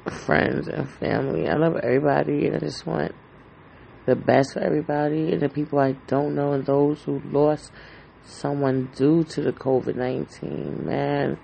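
A man's voice: on the high side, flat delivery, moderate pace, vocal fry, warm tone, slight background noise, poor audio. A man hosting a casual solo podcast from home, rambling in an anxious, heartfelt way with lots of fillers and swearing. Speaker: podcast host.

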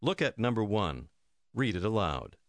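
A man's voice: on the low side, very animated, moderate pace, no echo, clean studio sound. A man narrating a recorded language course, giving instructive prompts to the learner. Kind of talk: scripted lesson narration.

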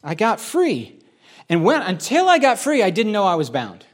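A man's voice: sits high, wildly swooping pitch, normal speed. A middle-aged man, a pastor, giving a candid, conversational sermon testimony, often restarting his sentences. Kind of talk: sermon-style personal testimony.

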